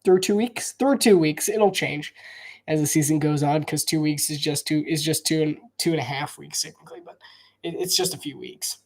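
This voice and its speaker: In a slightly high, gravelly voice and at a somewhat quick pace, a man delivers relaxed live football commentary mixing play-by-play with opinion. His talk rambles and repeats, sentences often start over, and he coughs frequently.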